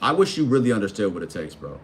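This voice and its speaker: A man's voice: lowish voice, very animated, fast, a little hiss or hum. A man in his thirties giving a blunt, profane, slang-heavy motivational rant, firing questions straight at the viewer. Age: 30s. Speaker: vlogger and life coach.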